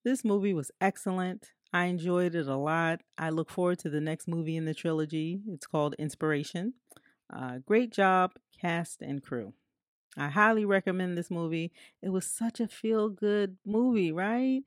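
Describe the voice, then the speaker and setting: Woman movie reviewer, low and dry, chatty, laughs often and fills pauses. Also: no room sound. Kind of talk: casual spoken movie review.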